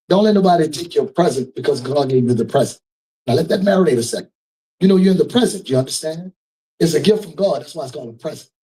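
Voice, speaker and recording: A man's voice: fairly high pitch, warm tone, distant mic, low-quality recording. A man hosting a live fundraiser event, joking and riffing with the crowd in a loose, preacher-like way. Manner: loose, preacher-like riffing with call-outs to the audience. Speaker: event host.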